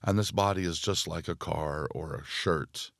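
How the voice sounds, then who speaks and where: A man speaking as a podcast guest and spiritual teacher, thoughtful and full of fillers, growing more animated as he explains. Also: low voice, normal speed, gravelly, dry recording, clean studio sound. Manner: thoughtful, speaks in loose phrases with many fillers. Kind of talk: reflective podcast conversation.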